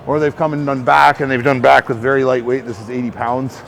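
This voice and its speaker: A man's voice: medium pitch, level tone, a little fast, creaky, faint music behind. A man working as a personal trainer, rambling through casual coaching talk to the camera, swearing and filling gaps with "like". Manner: rambling, profane, filler-heavy.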